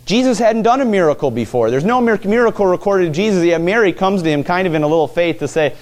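A man's voice: high voice, sing-song, fairly quick, darkish tone. A man preaching a sermon in a conversational way, asking his listeners questions and often repeating himself as he works out a point. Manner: frequent stumbles and repetitions.

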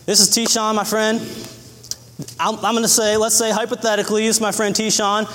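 A man's voice: sits high, little pitch movement, normal speed, fairly bright tone, big-room sound. A man preaching a sermon, earnest and folksy, who acts out little scenes as he speaks. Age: adult.

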